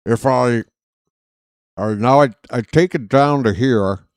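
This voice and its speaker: A man's voice: medium pitch, unhurried, dry recording, studio quality. A man calling a live baseball game as a streaming host, in a rambling, jokey, self-deprecating way. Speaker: play-by-play streamer. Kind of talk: live play-by-play commentary.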